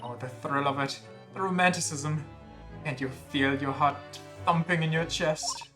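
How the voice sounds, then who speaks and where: A man voicing an excitable, romantic young woman assistant in a game read-through, gushing with breathless enthusiasm. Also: a little high, normal speed, soft background music.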